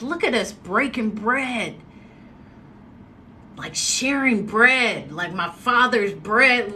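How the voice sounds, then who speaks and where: A woman telling a story casually on a livestream, animated and expressive, acting out what people said. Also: medium pitch, a little hiss or hum. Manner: animated, expressive, acts out quotes. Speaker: motivational speaker.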